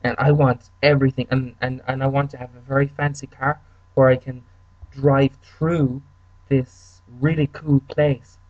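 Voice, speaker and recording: A man's voice: mid-range voice, little pitch movement, measured pace, dry recording, phone-quality sound, lightly acted. A man doing a giddy, greedy castaway. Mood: gushing. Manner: gushing, piles up demands.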